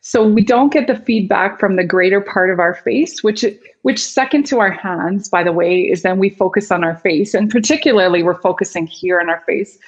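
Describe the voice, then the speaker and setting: A woman speaking as a guest on a video interview, explaining in a measured way. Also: medium pitch, muffled recording.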